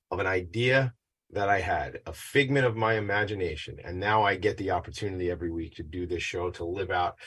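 A man's voice: deep voice, a bit bright, breathy edge. A man hosting his own show from a home attic studio, chatty and self-deprecating, a bit out of breath. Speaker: podcast host. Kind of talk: casual upbeat show intro.

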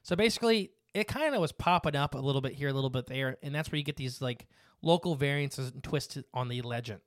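A man's voice: mid-range voice, fast, no room sound. Podcast guy reading lore off notes, lots of uh and restarts, dry close sound. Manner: reads notes with fillers and restarts. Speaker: podcast host. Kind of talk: casual podcast chat.

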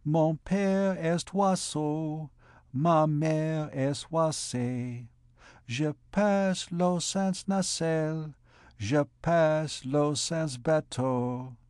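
A man's voice: fairly high pitch, no room sound, clean studio sound, close to an everyday voice. A man voicing a guarded young gypsy girl who answers tersely, in a storybook reading. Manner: terse, evasive replies; soft, slow singing.

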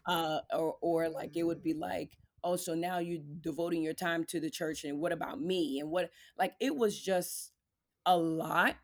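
A woman, a podcast guest giving candid, lively testimony about her faith and marriage, acting out the voices of the people in her story. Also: fairly low pitch, normal speed. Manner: animated storyteller, acts out quoted voices; addresses listeners as "y'all".

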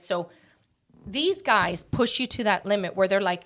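A woman hosting a casual podcast chat, talking quickly and jumping from one thought to the next like an animated storyteller. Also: medium pitch. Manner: rapid, jumps between thoughts. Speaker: podcast host.

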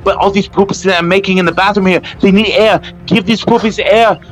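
A man's voice: high voice, steady tone, a little fast, natural voice. A man voicing a dim, boastful male caller who brags about smoking stogies, rambling crudely in a prank call-in bit. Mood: blustering.

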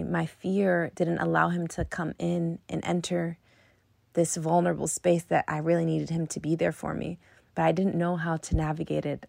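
A woman's voice: on the low side, gravelly, a little mellow, no echo. A young woman sharing a painful personal story in an emotional, confessional way, often dropping to a whisper.

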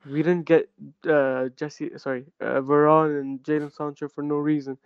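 Man, casual football podcast chat, blunt, animated, smooth resonant voice, dull lo-fi sound. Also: on the high side, normal speed, no room sound. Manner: blunt, animated, calls his co-host bro. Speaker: podcast co-host.

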